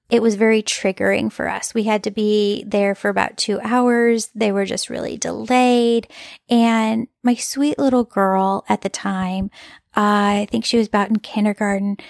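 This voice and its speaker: A woman's voice: mid-range voice, creaky, darkish tone, dry recording, studio quality. A woman telling an emotional personal story as a mother in an earnest, heartfelt, confessional way.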